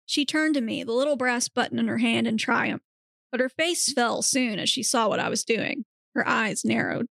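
Woman host, narrator; higher voice with vocal fry, dry close mic. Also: expressive, moderate pace, fairly bright tone, dry recording. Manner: straight-faced narration, breaks into giggles. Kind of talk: comedic reading of erotic fiction.

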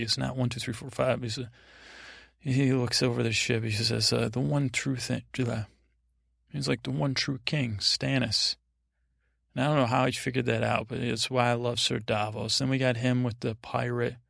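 A man's voice: mid-range voice, creaky, a bit bright, dry recording, clean studio sound. A man hosting a podcast, giving a rambling, meandering sleep-aid recap of a TV episode. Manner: meandering, digressive retelling. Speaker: podcast host.

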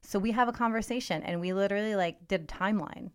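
In a fast, clear, resonant voice of medium pitch, a young podcast co-host spins a story during casual conversation. She swears freely and performs the quotes of the people involved with animated energy.

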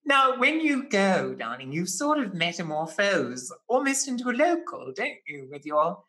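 Flamboyant, expressive man hosting. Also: high-pitched, measured pace, rough recording. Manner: flamboyant, with ornate vocabulary. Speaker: host. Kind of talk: casual chat.

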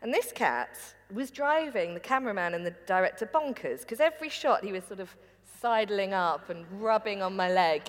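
Lively woman in a reverberant hall. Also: mid-range voice, normal speed. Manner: lively, laughing storyteller. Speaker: documentary presenter and academic. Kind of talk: casual behind-the-scenes chat.

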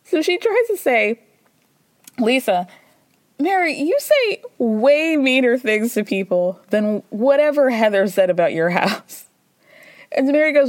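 A woman's voice: sits high, big pitch swings, unhurried, dry recording. Gossipy woman podcast host, dry close mic. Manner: gossipy storytelling, acting out quotes with laughs. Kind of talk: casual reality TV recap.

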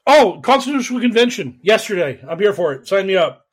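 A man's voice: high-pitched, big pitch swings, a little fast, slightly rough. A man hosting a podcast, ranting about politics in an emphatic, profane, exasperated way, with a voice he calls whiny. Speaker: podcast host.

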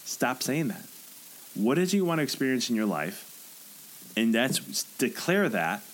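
A man's voice: medium pitch, big pitch swings, unhurried, slight background noise, poor audio. A man hosting a motivational podcast, talking earnestly and acting out the things people say to themselves. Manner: earnest, coaching, acts out inner voices. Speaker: podcast host and author. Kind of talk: motivational solo podcast talk.

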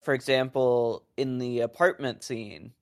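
A man's voice: mid-range voice, fairly even intonation, a little slow. A man co-hosting a podcast, chiming in with agreeable enthusiasm about a film. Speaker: podcast co-host. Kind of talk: casual film discussion.

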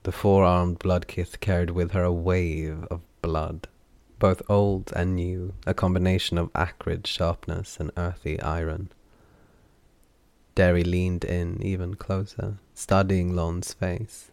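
Deep gravelly guy reading a fantasy book, super dry close mic. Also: little pitch movement, slow pace, a little mellow, dry recording. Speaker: audiobook narrator. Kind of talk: scripted fantasy narration.

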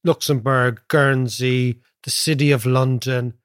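A man co-hosting an economics podcast, telling stories in an animated conversational way. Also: medium pitch, takes it slowly, no room sound, studio quality. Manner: animated, storytelling, frequent tag "right?".

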